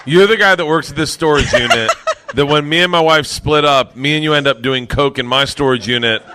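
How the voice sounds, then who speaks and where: A man's voice: a little high, brisk, noisy background. A man telling a wild story as a guest, laughing as he goes. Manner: laughing through a lively story. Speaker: guest comedian. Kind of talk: animated storytelling.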